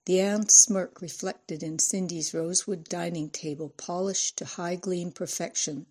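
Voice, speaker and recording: Low, husky woman narrating a novel. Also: fairly even intonation, measured pace, hardly any pauses, mellow. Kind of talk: audiobook narration.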